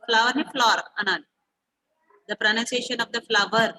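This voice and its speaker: Brisk high-voiced woman teaching English. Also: fairly even intonation, pushed and bright, low-quality recording. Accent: Telugu. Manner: quick, coaxing, repeats words and spellings. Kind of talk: online class mixing English and Telugu.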